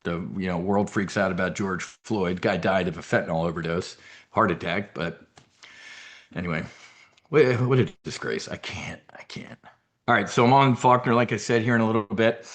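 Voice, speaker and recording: A man's voice: fairly low pitch, normal speed. A man from New Jersey and South Philadelphia hosting a trading members brief, giving blunt, profane, heated off-the-cuff commentary. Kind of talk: casual unscripted commentary.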